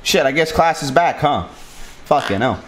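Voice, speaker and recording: A young man trolling an online class, loud, mocking and crude. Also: a little high, animated, normal speed. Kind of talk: prank trolling.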